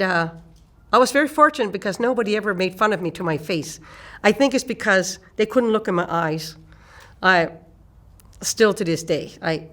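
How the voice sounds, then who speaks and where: An older woman from eastern Canada speaks in a mid-range voice, an elder relating her own story at an easy pace and repeating phrases for emphasis.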